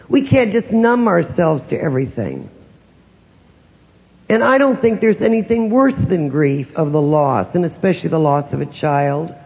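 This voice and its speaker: A man's voice: high-pitched, gravelly, darkish tone. An older man speaking as a psychic to an audience, telling personal stories and asking them rhetorical questions in a conversational way. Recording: dull lo-fi recording in a reverberant hall.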